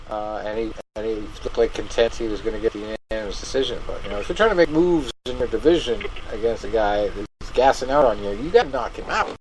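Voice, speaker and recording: A man co-hosting a casual show, recapping fights with animated, laughing, swearing talk. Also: fairly low pitch, fast, hardly any pauses, slight background noise, rough recording. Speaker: co-host.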